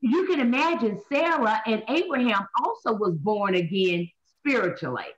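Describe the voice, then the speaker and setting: Woman minister hosting Bible talk, lively and high-pitched, repeats her points, muffled recording. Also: moderate pace, crowd noise. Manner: preachy, repeats points, asks and answers own questions. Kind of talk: animated Bible study teaching. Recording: dull lo-fi sound.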